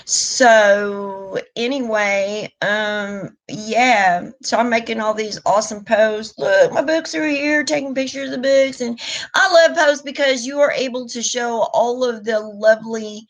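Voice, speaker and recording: A woman's voice: a little high, steady tone, a little slow, poor audio. A middle-aged woman, talking openly and emotionally in a rambling live stream chat. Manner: candid, emotional, rambling with restarts. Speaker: vlogger.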